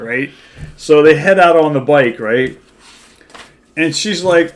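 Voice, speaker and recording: A man's voice: a little high, moderate pace, long pauses, fairly bright tone. Older man rambling about comics. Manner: rambling, chuckling retelling. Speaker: co-host. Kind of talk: casual comic book review chat.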